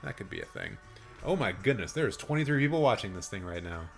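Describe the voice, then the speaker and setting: A low-voiced man whose voice has gone raspy and hoarse from hours of talking, speaking into a good studio mic. He chats casually and loosely, with plenty of fillers and restarts, and a little faint music plays behind him. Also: very animated, a little fast. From Canada. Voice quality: deep and raspy. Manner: chatty, rambling, with fillers and restarts. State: hoarse from a long stream. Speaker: film channel live streamer. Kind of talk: casual live reaction stream.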